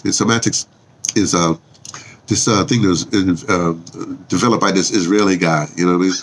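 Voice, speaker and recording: A man's voice: deep voice, steady tone, fairly quick. An older man from the Bronx, a vlogger rambling casually with lots of fillers and restarts. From New York, the Bronx.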